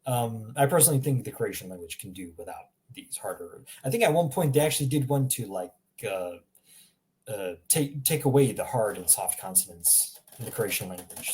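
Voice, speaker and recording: A man's voice: lowish voice, expressive, normal speed, darkish tone. A man giving a casual recorded language lesson, chatty and repetitive, often laughing at himself. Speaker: language teacher.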